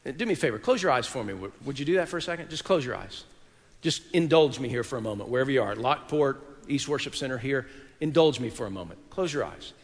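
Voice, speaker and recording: A man preaching a sermon in a church, telling a story dramatically and swinging from hushed tones to loud peaks. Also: mid-range voice, expressive, quick pace, in a large hall. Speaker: pastor. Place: church worship hall.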